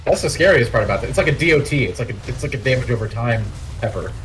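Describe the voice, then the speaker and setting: A man's voice: mid-range voice, expressive, rapid-fire, a bit bright, rough recording. Man, co-host, casual gaming chat, playful, stammering restarts, faint background noise. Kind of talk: casual joking chat while playing and eating hot wings.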